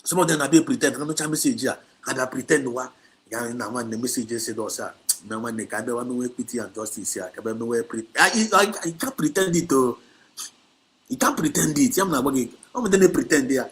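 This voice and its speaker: On his activist livestream, a Nigerian man with an Igbo accent lectures and scolds in a brisk, slightly bright mid-range voice. His delivery is preachy and emphatic, full of repetition, and moves back and forth between Igbo and English.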